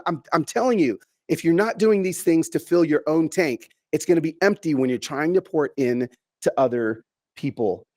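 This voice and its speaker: Animated man giving a keynote. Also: on the high side. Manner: animated, repeats and restarts phrases, drawn-out emphatic slowing. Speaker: keynote speaker. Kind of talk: motivational keynote talk to a virtual audience.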